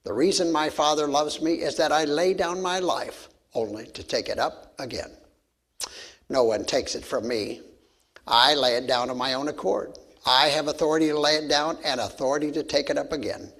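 A male pastor delivers a sermon, moving from scripture reading into a folksy story. His voice sits a little high for a man, and he restarts his sentences and adds fillers as he goes. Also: moderate pace, gravelly, fairly bright tone.

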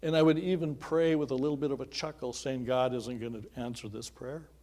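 A middle-aged pastor delivers a sermon woven with personal testimony, his mid-range voice steady, fairly quick and a little mellow. He tells his own story earnestly and conversationally, dropping in small chuckling asides.

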